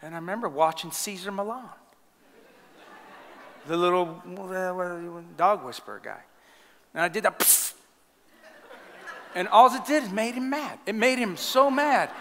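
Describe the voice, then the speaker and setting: A man preaching a sermon as pastor, telling animated stories and laughing at his own jokes. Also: sits high, measured pace, pauses often, slight background noise. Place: church sanctuary. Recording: long church hall reverb.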